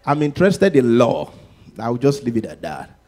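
A man preaching a sermon who swings between sung-out, shouted exclamations and low, conversational asides, often repeating words and restarting phrases. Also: wildly swooping pitch, moderate pace.

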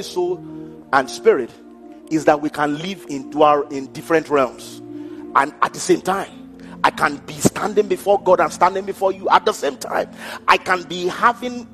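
A man's voice: high voice, lively intonation, moderate pace, fairly bright tone. A man pastor preaching a sermon in a church hall, acting out the people he quotes and laughing between his points. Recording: church hall with long reverb and faint music.

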